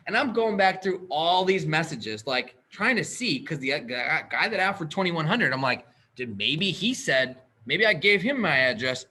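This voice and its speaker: A man telling a story in casual chat as a podcast host, animated and acting out the dialogue with quick asides. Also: a little high, slight background noise.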